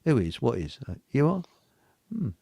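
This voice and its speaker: A man's voice: mid-range voice, big pitch swings, normal speed, gravelly, warm tone, no echo. A man hosting a casual livestream, rambling, joking, swearing and reading out viewer comments. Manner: jokey, rambling, swears, laughs often. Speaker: livestream host.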